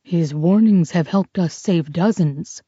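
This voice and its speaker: Brief: narrator voicing a gentle male priest, hushed and calm, dull dry recording. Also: fairly low pitch, slow, slightly rough, no echo. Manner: gentle, reassuring. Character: kind, calm older French priest.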